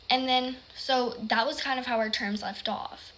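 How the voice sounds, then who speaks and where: A woman telling a personal story in casual chat, rambling with lots of "like" and sometimes dropping to a hushed whisper. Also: fairly high pitch, fairly even intonation, unhurried, slight background noise. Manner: rambling, heavy use of "like".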